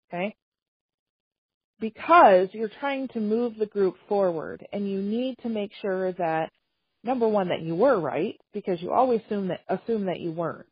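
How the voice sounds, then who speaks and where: A woman trainer giving a calm, measured talk on communication skills, acting out example phrases as she goes. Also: medium pitch, breathy edge. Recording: dull, slightly lo-fi dry recording.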